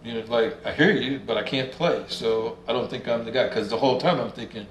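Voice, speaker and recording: A brisk man with a medium-pitched voice guests as a musician on a casual interview, telling laid-back stories full of swearing and acted-out dialogue. The room sounds roomy, with faint ambience and slight background noise.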